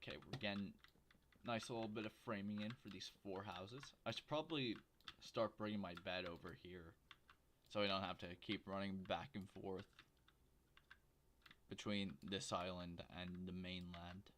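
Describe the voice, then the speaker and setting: A man streaming a video game from home, chatting and joking with viewers in a rambling, casual way on a quiet desk microphone. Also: deep voice, steady tone, moderate pace, slight background noise. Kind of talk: casual livestream commentary while gaming.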